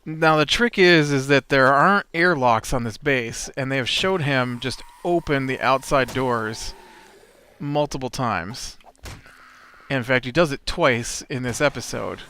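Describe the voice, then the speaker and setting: A man talks unhurriedly through gameplay commentary, wandering off into a nitpicky recap full of "uh"s. His voice is bright and clean, and his pitch sits in an ordinary middle range. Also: measured pace, clean tone. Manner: rambling, nitpicky recap with many fillers. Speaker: let's play host.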